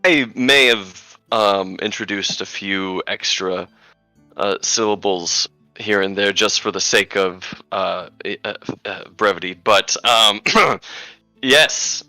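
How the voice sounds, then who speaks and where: Male player, flustered and halting, very bright tone. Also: lowish voice, dry recording, soft background music, poor audio. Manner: flustered, stammering with fillers. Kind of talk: casual tabletop play.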